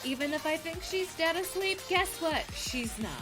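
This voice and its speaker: A woman's voice: very high voice, lively intonation, moderate pace, music in the background. A young woman chatting casually as a stream host, bubbly and giggly, swearing freely. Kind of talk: casual chat.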